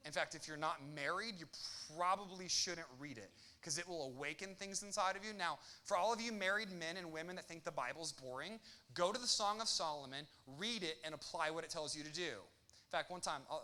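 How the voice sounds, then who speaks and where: Animated, bright-voiced young male pastor. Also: on the high side. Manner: animated, joking, quick asides and acted quotes. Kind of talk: sermon.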